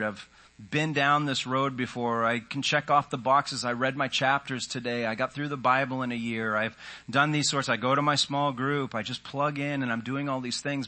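A man's voice: mid-range voice, sharp tone. A man preaching a sermon in an earnest, conversational way, often voicing the inner thoughts of his listeners. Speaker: pastor.

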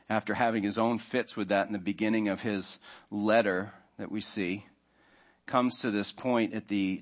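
A man's voice: on the low side, fairly bright tone. A man preaching a sermon in a conversational way, now and then acting out the inner voices of his listeners. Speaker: pastor.

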